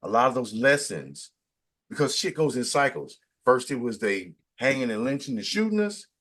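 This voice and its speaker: A middle-aged man interviewing in casual chat, talking in a preachy, emphatic way, his pitch jumping up to stress a point. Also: very animated, normal speed, fairly bright tone.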